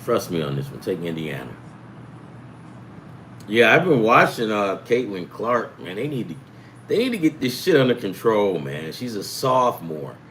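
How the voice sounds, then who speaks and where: A middle-aged man hosts a sports betting show, rambling profanely and hopping from topic to topic in casual chat. His fairly low, slightly bright voice is very animated at normal speed, and the audio is poor with slight background noise.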